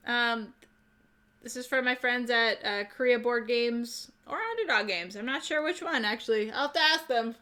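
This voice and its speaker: Woman host, slightly high and bright voice; casual, rambling talk about board games with replies to chat. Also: normal speed. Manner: chatty, rambling, reads out viewer chat. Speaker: board game channel host.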